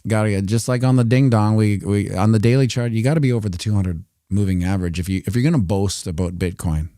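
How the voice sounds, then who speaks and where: A man's voice: fairly low pitch, quick pace, mellow, no room sound, clean studio sound. A Canadian man giving casual, rambling commentary on crypto price charts during a livestream, with jokey asides.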